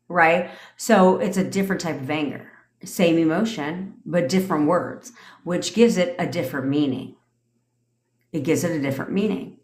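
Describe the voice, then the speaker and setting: Low-voiced, foul-mouthed woman ranting. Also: moderate pace, a little mellow. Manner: blunt and profane, with lots of swearing. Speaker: manifestation coach. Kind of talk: casual livestream rant. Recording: echoey room.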